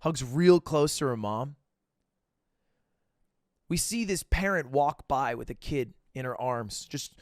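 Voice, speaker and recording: A young man streaming from home, telling a story to his chat in a casual, animated way, jumping into high voices when he quotes people. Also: slow, pauses often, no echo, clean studio sound.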